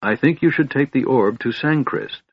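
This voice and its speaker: A man voicing a wise older cleric who speaks gently but firmly, in a fatherly way, read from an audiobook. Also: medium pitch, moderate pace, slightly rough, no room sound, pitched above the performer's own voice. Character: wise older male cleric, calm and firm. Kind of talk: audiobook reading. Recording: dull dry recording.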